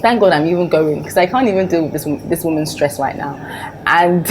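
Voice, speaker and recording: A woman's voice: on the low side, a little fast, a little hiss or hum, poor audio. A young woman vlogger talking casually and personally to camera, with lots of fillers and restarts. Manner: chatty, full of fillers and restarts; open and personal.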